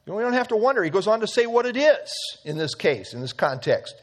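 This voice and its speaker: A man's voice: high-pitched, sing-song, fast. A man teaching an evening Bible study, earnest and emphatic, quoting scripture at length.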